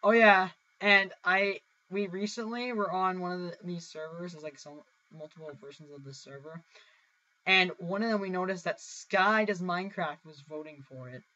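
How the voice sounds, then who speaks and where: A young man hosting a casual gaming session with friends, excitable and giggly. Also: sits high, moderate pace. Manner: excitable, giggly, easily delighted. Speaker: host recording gameplay. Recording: slightly dull home recording.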